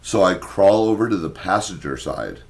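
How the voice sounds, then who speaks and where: A young man with a lowish voice co-hosts a casual podcast, telling a mishap story full of swearing. He jumps into loud, animated bits when he acts out his own past lines. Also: normal speed. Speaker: podcast co-host.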